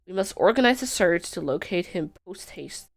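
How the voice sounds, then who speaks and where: A woman's voice: lowish voice, expressive, moderate pace. Give me a woman voicing a courteous detective professor from a puzzle game, read in a formal way. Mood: earnest. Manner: reads game dialogue aloud, formal. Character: gentlemanly male professor detective.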